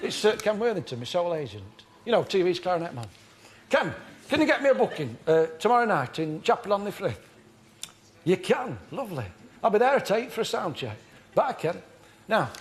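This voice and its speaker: An actor playing an earnest, fussy middle-aged amateur acting tutor, delivered deadpan and pedantic on a live TV comedy show. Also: male voice, high-pitched. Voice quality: deadpan, pedantic, self-important. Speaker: comedy character performer. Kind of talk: live stand-up character comedy. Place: television studio before a live audience. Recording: live TV studio with audience laughter.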